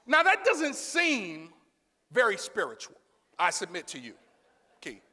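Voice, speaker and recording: A man preaching a sermon as pastor, calling on the congregation to answer back and building up to shouts. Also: sits high, huge pitch swings, unhurried, in a large hall. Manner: call-and-response preaching, rising to shouts. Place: church sanctuary.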